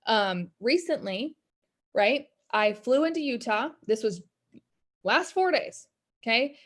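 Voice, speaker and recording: A woman's voice: fairly high pitch, animated, slow, fairly bright tone. A woman in her thirties, a business coach, talking candidly and rambling about faith and discouragement. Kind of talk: casual motivational talk. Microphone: video call.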